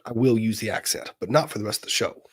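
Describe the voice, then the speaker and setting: A man's voice: lowish voice, fast talker, no room sound. A man hosting a legal livestream, speaking in a put-on Southern Virginian drawl with a theatrical, pompous manner. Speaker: lawyer and livestream host.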